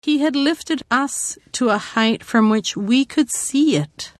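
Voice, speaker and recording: A woman narrating a memoir in a measured, reflective way. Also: high voice, dry recording, studio quality.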